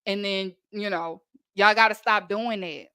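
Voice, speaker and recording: A woman's voice: medium pitch, fairly even intonation, unhurried, pushed and bright, clear, resonant tone, dry recording. A woman from Texas with a Texan accent, hosting a casual wrestling recap podcast and chatting emphatically to listeners.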